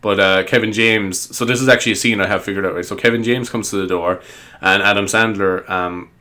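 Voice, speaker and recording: Rambling, laughing man with a bright voice. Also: on the low side, steady tone, brisk. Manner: rambling, laughs often, full of fillers. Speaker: comedy vlogger. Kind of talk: rambling comedic monologue.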